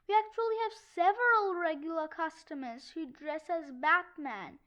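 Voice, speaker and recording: A woman voicing a calm, patient comic-shop clerk who explains things, in a children's book read-aloud. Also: extremely high pitch, moderate pace. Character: patient young man working at a comic shop.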